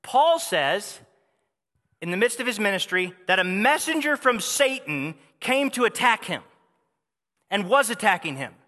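A man's voice: high voice, sing-song, unhurried, bright, forceful tone, long reverb tail. A man preaching a sermon with fervent, repetitive emphasis. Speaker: pastor.

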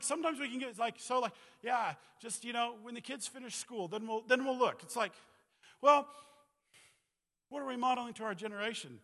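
A man's voice: high-pitched, a bit bright. A man in his forties, a missionary preacher giving a sermon in a loose, rambling way, full of "you know" and "like.". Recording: reverberant hall.

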